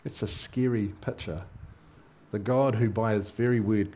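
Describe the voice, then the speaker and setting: A man preaching a sermon, explaining scripture in a conversational way with frequent rhetorical tag questions and animated readings. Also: fairly low pitch, moderate pace.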